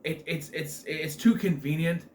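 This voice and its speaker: A man's voice: a little high, fairly even intonation, measured pace, slight background noise. A man giving a casual spoken film review, rambling, with many fillers and restarts.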